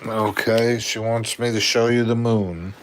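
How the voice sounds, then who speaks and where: A man's voice: fairly low pitch, fairly even intonation, measured pace, a little hiss or hum. A man chatting casually on a home livestream, talking in an easygoing, rambling way into a phone.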